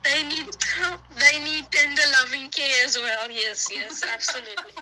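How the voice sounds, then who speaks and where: A woman's voice: sits high, fairly even intonation, moderate pace, very noisy. A woman calling in to a casual chat, chatty and agreeable. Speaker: guest caller.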